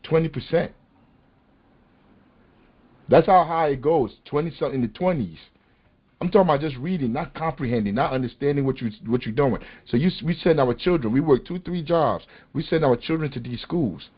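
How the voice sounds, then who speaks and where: A man's voice: a little high, fairly quick, slightly rough. A man hosting a political podcast, talking in an impassioned, emphatic and street-casual way. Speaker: podcast host. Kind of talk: passionate political talk. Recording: muffled lo-fi call audio.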